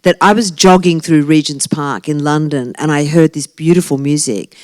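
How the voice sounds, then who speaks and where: A woman's voice: deep voice, normal speed, a little mellow, no echo. A woman in her sixties, an author talking to a live audience in a brash, joking way and laughing often. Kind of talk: lively talk to a live audience. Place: library talk event.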